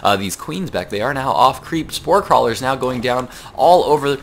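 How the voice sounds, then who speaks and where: A young man doing solo play-by-play commentary on a video game match, talking fast with many fillers and a rough morning voice. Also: medium pitch, expressive, a little hiss or hum. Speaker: esports caster.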